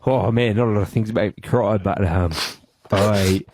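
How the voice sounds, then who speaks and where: An Australian man hosting a radio show, speaking in a halting, tearful way with many restarts as he pays tribute to his friend in the studio. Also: on the low side, steady tone, a little mellow, slight background noise. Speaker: radio host. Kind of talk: emotional on-air tribute. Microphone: studio microphone.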